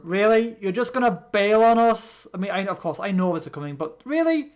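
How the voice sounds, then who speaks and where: British let's play host, rambling commentary, stumbles and restarts a lot, middle-pitched voice. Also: expressive, a little fast, hardly any pauses. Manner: rambling, with many restarts and fillers. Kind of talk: gameplay commentary.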